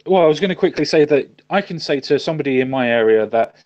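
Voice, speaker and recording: A man's voice: a little high, lively intonation, fast, few pauses, highs cut off. A man co-hosting a casual chat, emphatic, repeating his points and swearing casually. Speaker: co-host.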